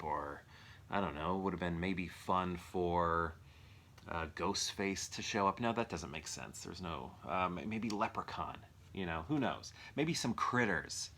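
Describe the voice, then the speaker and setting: A young man with a low, deep voice talks through his movie collection in an unscripted, casual way. He rambles, trails off and restarts often, filling pauses with ums and uhs as he picks films off the shelf at home. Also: a bit bright. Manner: rambling, many fillers and restarts. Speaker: movie reviewer. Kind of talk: impromptu casual movie chat.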